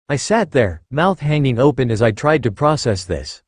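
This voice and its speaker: A man narrating a first-person fan fiction story in an expressive reading style. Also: mid-range voice, normal speed, hardly any pauses, slightly rough, no echo, studio quality.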